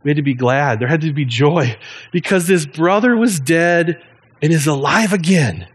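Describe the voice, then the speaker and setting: A man in his thirties, a pastor giving a sermon in a relaxed, conversational way with frequent ums and restarts. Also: a little high, normal speed, husky.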